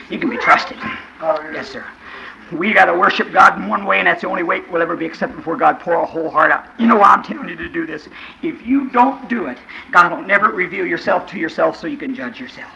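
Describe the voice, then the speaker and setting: A man preaching a sermon to a congregation, fervent, dropping to quiet asides and then crying out in shouts, with questions thrown to the listeners. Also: high-pitched, lively intonation, fairly quick, gravelly, muffled recording, slight background noise.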